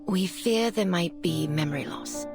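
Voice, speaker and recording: Calm, measured doctor. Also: female voice, on the low side, over music. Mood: grave. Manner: measured, reassuring. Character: calm, cautious female doctor. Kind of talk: video game voice acting.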